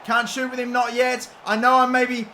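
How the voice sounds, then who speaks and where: An Australian man with a high, bright voice calls his football match as he plays. He drops to low mutters, then screams and swears until his voice cracks. The echoey room has a faint hiss behind him. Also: completely flat delivery, normal speed. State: voice cracking from shouting. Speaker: gaming YouTuber. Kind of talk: live gameplay commentary.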